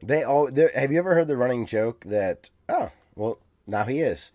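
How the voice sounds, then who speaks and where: A man's voice: medium pitch, expressive, moderate pace, a little mellow, dry recording, studio quality. A man co-hosting a casual podcast, hesitant and full of restarts, growing enthusiastic about things he likes. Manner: hesitant, restarts often, then gets enthusiastic. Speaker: podcast co-host. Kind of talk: casual chat.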